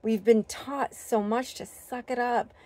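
A woman vlogger sharing a heartfelt spiritual talk, earnest and gentle, with many fillers and restarts. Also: fairly high pitch, fairly even intonation, a little slow, no room sound. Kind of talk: heartfelt personal talk to camera.

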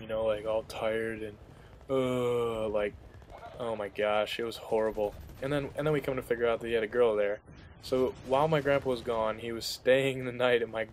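A man's voice: medium pitch, a little hiss or hum. A young man giving casual, rambling commentary over gameplay, with many fillers and restarts as he tells a story.

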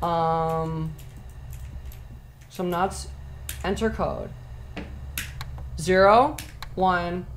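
A woman streaming a horror game live, chatting excitably with her viewers and swearing whenever something startles her. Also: fairly low pitch, extremely slow, long pauses, slight background noise.

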